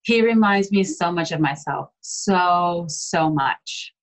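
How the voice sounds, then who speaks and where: A woman with a slightly low voice speaks as a guest on a podcast. She talks openly and with feeling, leaning on fillers like "like" and "you know." Her delivery is relaxed and unscripted. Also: slow pace, low-quality recording. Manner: open and emotional, with frequent filler words. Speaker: guest, adoptee. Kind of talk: casual conversation.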